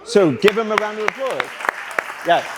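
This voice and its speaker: A man speaking as a motivational speaker to students, energetic, coaxing the audience with questions and call-and-response. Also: sits high, normal speed, over a noisy crowd, very noisy. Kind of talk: interactive talk to students. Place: school hall.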